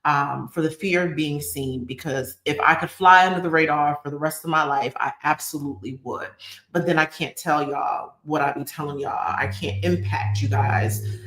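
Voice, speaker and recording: Hosting her channel's live chat, a YouTube host speaks in a low, fairly bright voice. Her manner is earnest, emotional, and motivational, and she repeats phrases for emphasis. The room sounds echoey.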